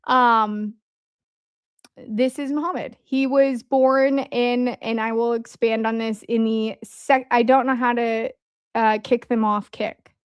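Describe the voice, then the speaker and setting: A Midwestern American woman hosts a casual livestream, chatting and making joking asides to chat. Her fairly high voice is slow, smooth and fairly even, in a dry, studio-quality recording.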